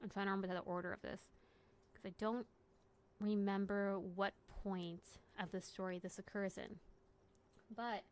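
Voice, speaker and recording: A young adult woman streaming a game tells a story casually and ramblingly, often correcting herself and joking. Her medium-pitched voice has little pitch movement and a moderate pace with long pauses, over slight background noise.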